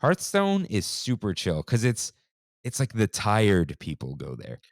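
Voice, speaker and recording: A man in his thirties co-hosting a podcast in a relaxed, slangy chat style, saying "dude" and "like" often. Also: lowish voice, unhurried, no echo, studio quality. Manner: laid-back, slangy, says "dude" and "like" often. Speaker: podcast co-host. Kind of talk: casual chat.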